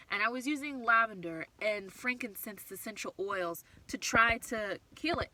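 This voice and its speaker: A tired young woman, short on sleep, vlogs from her car in a mid-range, sharp-toned voice, talking openly and rambling while repeatedly stopping and restarting her sentences. The recording is rough, with a little hiss or hum.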